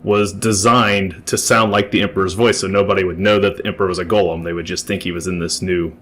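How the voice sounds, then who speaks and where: Upbeat low-voiced man hosting a tabletop game. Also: steady tone, fast, fairly bright tone. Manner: upbeat, encouraging. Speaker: game master and host.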